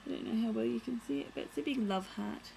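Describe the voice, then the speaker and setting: A woman's voice: fairly high pitch, quick pace, vocal fry, dark tone, a little hiss or hum, low-quality recording. A young woman vlogging at home, chatting casually as she shows and reads from a children's picture book, full of playful asides.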